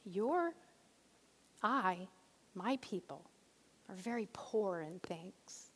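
A woman voicing a gentle, earnest village schoolteacher, speaking softly and slowly in a long-echoing hall. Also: mid-range voice, animated, husky, full character voice. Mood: tender, earnest. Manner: soft, hushed and slow.

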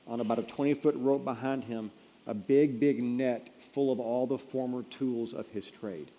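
A man preaching a sermon, telling a story and then pressing the point, rising to emphatic peaks and dropping quiet. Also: mid-range voice, steady tone, moderate pace. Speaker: pastor. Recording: long reverb of a large hall.

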